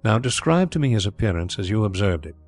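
A man voicing a calm, dryly ironic gentleman detective in an audiobook, speaking in a measured way. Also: lowish voice, soft background music.

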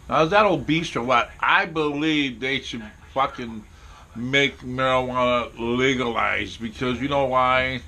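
A man's voice: mid-range voice, unhurried, bright, forceful tone. A man rambling crudely and boastfully while out of breath, in a casual monologue to the camera. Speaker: vlogger eating on camera. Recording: noisy home recording.

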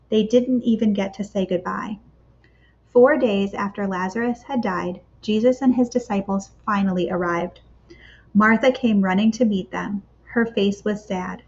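A woman reading a picture book aloud to children for a church kids' club, with expressive, measured storytelling and dramatic pauses. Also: medium pitch, vocal fry. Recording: slightly dull lo-fi recording.

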